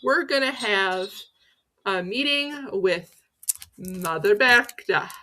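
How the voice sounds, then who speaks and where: Speaking slowly yet with animation, this woman has a medium-pitched voice that comes across bright and forceful. She hosts a pagan folklore channel, where she teaches through playful, theatrical stories laced with self-mocking asides.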